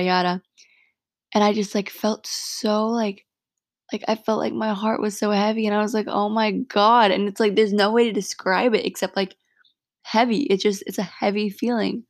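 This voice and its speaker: A young woman talks straight to her listeners in a casual solo podcast, earnest and blunt, full of "like" and swearing. Her mid-range voice has a steady gravelly fry. The sound is dry and close. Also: medium pitch, no echo. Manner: frank and heartfelt, swears freely, many "like" fillers. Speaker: podcast host.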